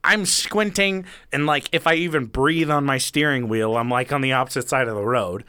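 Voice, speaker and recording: A man's voice: mid-range voice, moderate pace, sharp tone, smooth, dry recording, studio quality. A man in his thirties telling a story in casual chat, swearing freely and acting out the other people in it.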